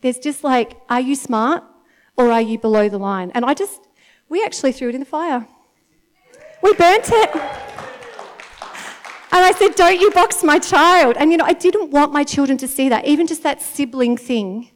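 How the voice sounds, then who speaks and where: A woman in her thirties with an Australian accent, giving a chatty, animated sermon to a congregation and often laughing. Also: sits high, normal speed. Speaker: church speaker. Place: church meeting in front of an audience.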